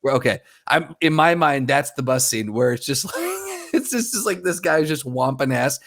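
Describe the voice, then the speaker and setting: A man co-hosting a casual podcast, joking through relaxed banter. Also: medium pitch, normal speed. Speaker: podcast co-host.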